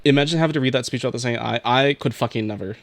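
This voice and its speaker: A man's voice: medium pitch, rapid-fire. A man streaming as a VTuber, teary and emotional, swearing casually and laughing often as he chats with viewers. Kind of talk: casual livestream chat, reading chat messages.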